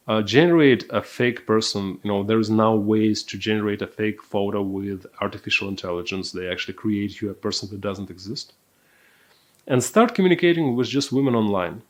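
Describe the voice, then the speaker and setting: Low-voiced man giving calm coaching. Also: normal speed. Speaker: dating coach. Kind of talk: recorded course lesson.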